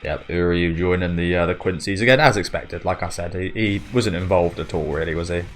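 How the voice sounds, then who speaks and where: A man's voice: low-pitched, brisk, soft background music. A man giving a casual, rambling reaction commentary on an anime trailer, often trailing off as he searches for words. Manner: rambling and chatty, often losing his train of thought.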